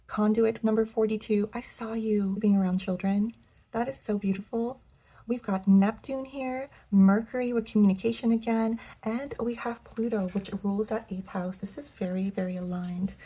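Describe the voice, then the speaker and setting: A young woman giving a pick-a-card tarot reading, gentle and affirming, with many filler words. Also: mid-range voice, steady tone, normal speed, husky. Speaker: tarot reader.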